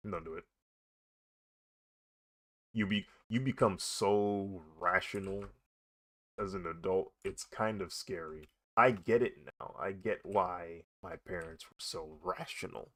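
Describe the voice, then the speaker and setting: A young man chatting casually while he draws, animated and laughing often as he talks. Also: low voice, a little slow. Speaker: artist vlogger. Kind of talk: casual chat while drawing.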